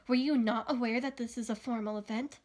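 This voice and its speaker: A cruel, taunting king, as a woman reads him aloud in a storybook reading. He draws out his sarcastic, scornful words slowly. The voice sits somewhat high. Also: fairly even intonation, darkish tone, lightly acted. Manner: slow, sneering, sarcastic.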